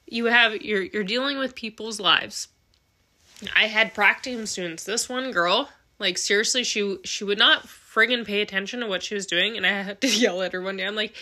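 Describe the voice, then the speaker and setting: Woman podcast host, solo monologue, bright and forceful tone, heartfelt and blunt. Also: medium pitch. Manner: earnest, emotional, swears casually. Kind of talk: candid personal monologue.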